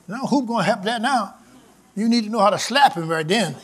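A man in his seventies preaching a sermon in a church, shouting in rhythmic call-and-response and slipping into folksy, joking asides. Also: high-pitched, fast talker.

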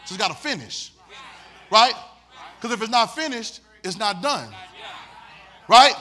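High bright preacher guy, folksy, laughs a lot, goes quiet then yells, call and response. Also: expressive, a little slow. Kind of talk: sermon. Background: congregation responding.

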